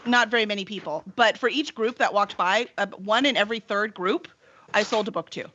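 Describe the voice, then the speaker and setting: This publisher and show host speaks a little fast in a medium-pitched, sharp-toned voice during a casual live-streamed chat. She talks at length in loose run-on thoughts with plenty of fillers. The highs are cut off and there's slight background noise.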